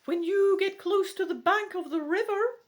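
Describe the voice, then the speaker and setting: A woman doing a squeaky wise barn owl. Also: normal speed. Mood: cheery. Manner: hooting, bright and wise.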